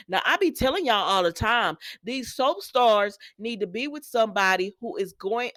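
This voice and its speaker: A woman chatting casually to her viewers as a soap opera recap vlogger, lively and talking straight to them. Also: fairly high pitch, normal speed, hardly any pauses, no room sound, studio quality.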